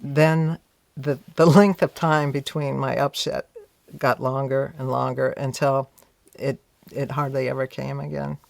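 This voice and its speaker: A very deep, gravelly and slightly mellow voice belongs to a woman being interviewed, speaking at a measured pace and level tone on a dry recording. She tells her story reflectively and conversationally, often with "you know," voicing her past thoughts aloud.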